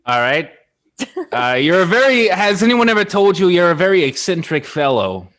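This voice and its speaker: A man's voice: high voice, big pitch swings, normal speed, a bit bright. A man performing in an improv scene, polite but increasingly exasperated.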